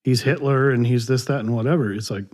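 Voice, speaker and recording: Halting male podcast co-host. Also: medium pitch, darkish tone. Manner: loose, halting, introduces clips. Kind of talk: casual political chat.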